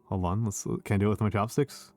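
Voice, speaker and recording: A man's voice: lowish voice, fairly even intonation, quick pace, a little mellow, dry recording. A middle-aged man hosting a casual drinking stream from home, rambling and swearing as he keeps interrupting himself. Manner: rambling, profane, self-interrupting. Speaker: streamer host.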